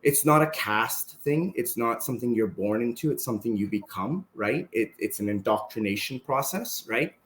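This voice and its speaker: This is a man from Canada, a martial arts instructor appearing as a podcast guest, telling stories casually and tacking "right?" onto his sentences. His mid-range voice keeps a moderate pace with few pauses. The room sounds roomy, and his manner is relaxed.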